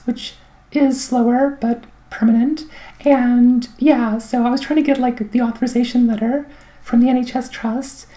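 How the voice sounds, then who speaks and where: A middle-aged woman giving a casual, rambling personal update full of fillers and wry asides, her throat clogged so she keeps clearing it. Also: on the high side, dark tone. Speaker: vlogger.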